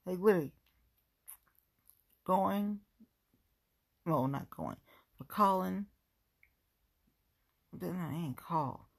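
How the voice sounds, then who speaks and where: A woman's voice: fairly low pitch, slow, gravelly, pauses often, husky. A woman from the Cincinnati area chatting casually in a rambling, self-mocking vlog at home, firing off exasperated rhetorical questions. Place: at home, going through belongings.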